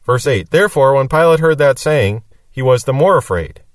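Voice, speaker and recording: A man teaches scripture in a steady, mid-pitched voice. He reads a verse and then explains it plainly. The sound is dry, and he stands a little back from the microphone. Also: moderate pace, dry recording, distant mic. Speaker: Bible teacher.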